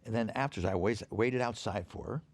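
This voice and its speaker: A man guesting on a podcast, telling anecdotes in an animated, profane way and acting out the people in them. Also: lowish voice, fairly quick. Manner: animated, profane storyteller who acts out quoted dialogue. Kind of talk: anecdotal storytelling. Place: podcast stage.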